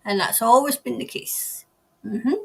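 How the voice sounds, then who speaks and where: Chatty woman, high voice. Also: unhurried, gravelly, fairly bright tone, breathy edge. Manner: chatty and rambling, laughs often, trails off mid-sentence. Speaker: tarot reader hosting a live stream. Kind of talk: casual live-stream chat reading viewer comments.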